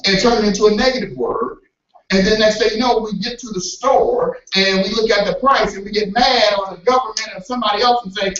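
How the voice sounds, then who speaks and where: Brief: high-pitched male preacher, animated, acts out voices and shouts, AAVE, recorded from afar in an echoey church hall with dull sound. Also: distant mic, slight background noise. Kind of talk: motivational sermon.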